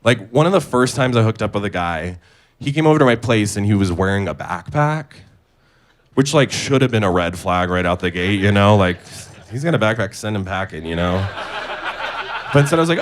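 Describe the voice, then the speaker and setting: A young man from Indonesia doing a stand-up comedy set, telling stories in an animated way with lots of filler words. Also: on the low side, brisk, slight background noise. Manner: animated storytelling, many filler words, laughs at own jokes.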